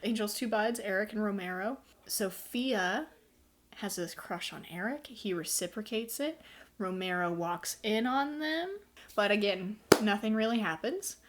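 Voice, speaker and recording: A woman's voice: medium pitch, expressive, unhurried, slight background noise. A woman talks through a book she disliked in a casual vlog. She retells the plot with sarcastic disbelief and keeps a loose, chatty delivery full of fillers. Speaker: book reviewer.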